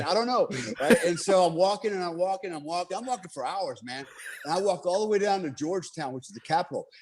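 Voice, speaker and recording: A middle-aged American military veteran tells a war story in a casual interview, animated, swearing freely, and laughing as he goes. His voice is on the high side and slightly rough.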